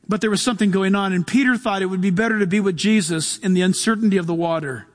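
Pastor, male, high tenor, lively sermon delivery with loud and hushed turns, long hall reverb. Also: fast talker, hardly any pauses. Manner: animated, shifts between loud bursts and soft hushed asides.

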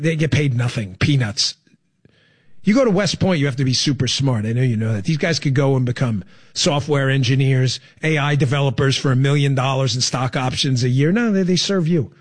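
A male radio and podcast host doing opinionated political talk in a studio, emphatic and fired up, swinging between loud bursts and low asides. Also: breathy edge.

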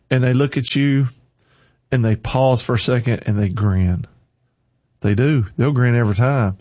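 A man's voice: mid-range voice, unhurried, long pauses, darkish tone, dry recording, muffled recording. A man hosting a Christian radio morning show, talking casually with an encouraging, preachy energy in a studio. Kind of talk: casual on-air talk.

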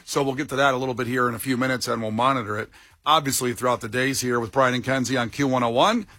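Male morning radio host, bright, dry studio sound, playful and self-mocking. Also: medium pitch, fairly even intonation, fast talker, no echo. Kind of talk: casual radio banter. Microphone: studio microphone.

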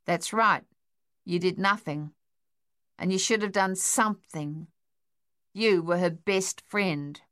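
A woman's voice: lowish voice, slow, pauses often, fairly bright tone. A woman voicing a brusque, impatient woman in an audiobook, blunt and insistent. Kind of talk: audiobook character voice.

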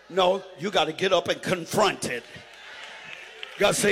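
A man's voice: sits high, normal speed, long reverb tail, slight background noise. A man preaching a sermon, calling on the congregation to answer back and stretching out words for emphasis. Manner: call-and-response preaching, shouting and drawling phrases.

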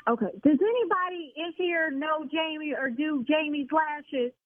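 A woman, a salon owner on a phone call, scolding and exasperated, rising to shouting. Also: high voice, normal speed, no echo. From Chicago South Side. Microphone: telephone. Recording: tinny phone line.

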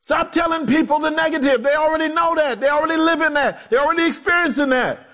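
A male pastor preaching a sermon, animated, acting out quotes in low voices and joking with the congregation. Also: fast. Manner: animated preaching with swooping pitch and dramatic drops.

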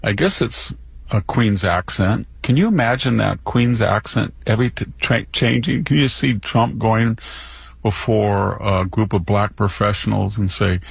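An older man delivering indignant, rambling commentary with frequent restarts. His voice is gravelly and husky, recorded close and dry. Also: lowish voice, expressive, measured pace, dry recording. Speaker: commentator guest. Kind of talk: opinion commentary.

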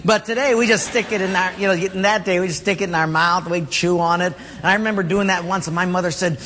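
A man's voice: high-pitched, steady tone, fast talker, bright, forceful tone. A man preaching a sermon as a pastor, telling jokey stories and laughing along with them. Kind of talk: humorous sermon storytelling. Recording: long hall reverb, faint background noise.

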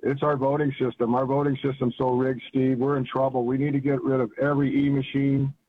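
A man's voice: medium pitch, flat delivery, brisk, slightly rough. An older man calling into a radio show, rambling and enthusiastic in colloquial talk. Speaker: caller. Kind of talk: phone-in chat. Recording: tinny phone line.

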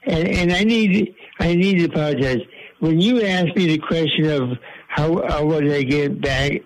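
A man calling in to a radio show, chatting casually in a rambling, halting way. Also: a little high, poor audio. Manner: rambling, halting, with fillers and restarts. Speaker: regular caller. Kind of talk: casual call-in radio chat.

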